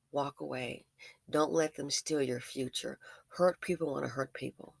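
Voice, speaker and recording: Woman vlogger, lower voice, emphatic and preachy, dry close sound. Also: no room sound. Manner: emphatic, preachy, talks straight to viewers. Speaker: vlogger, business owner. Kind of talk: commentary vlog, advice to viewers.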